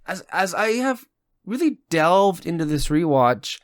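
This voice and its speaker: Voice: mid-range voice, sing-song, unhurried, dry recording. A podcast co-host chatting casually in a show reaction, thinking aloud with restarts and hedges.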